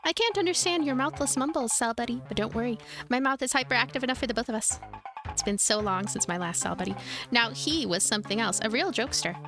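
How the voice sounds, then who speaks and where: A woman's voice: a little high, fast talker, music in the background, close to an everyday voice. A woman voicing a rambling, eager prisoner cellmate in a darkly quirky game. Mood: chatty. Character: chatty quirky prisoner cellmate, clingy and morbid.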